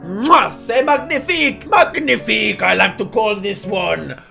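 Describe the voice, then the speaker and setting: A man's voice: high-pitched, a little slow, creaky, soft background music, voice pushed up, full character voice. A man voicing a boastful male French painter in an exaggerated fake French accent while commentating a game. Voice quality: exaggerated theatrical put-on voice, loud exclamations. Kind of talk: gaming commentary in character.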